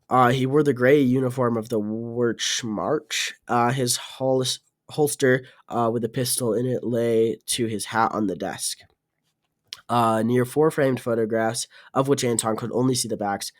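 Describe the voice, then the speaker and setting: A man narrating an audiobook, reading in a halting way with fillers and restarts. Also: mid-range voice. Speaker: audiobook reader.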